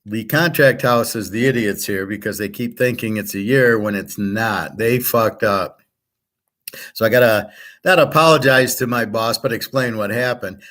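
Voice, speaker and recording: A man's voice: mid-range voice, fairly bright tone. A man hosting his own show, ranting casually and with frustration, swearing and acting out the exchanges he quotes. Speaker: sports picks show host. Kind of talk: casual monologue.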